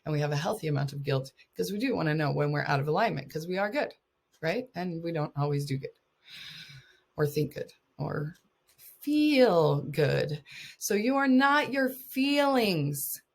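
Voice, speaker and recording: Husky low-voiced woman life coach. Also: lively intonation, normal speed, a little mellow. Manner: earnest, encouraging, laughs often. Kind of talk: casual coaching talk to mothers.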